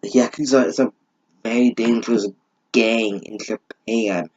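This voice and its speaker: Slow, weary deadpan man reading. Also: mid-range voice, no room sound, highs cut off. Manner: weary, deadpan, mocking asides. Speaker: host reading a fanfic aloud. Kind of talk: sarcastic dramatic reading.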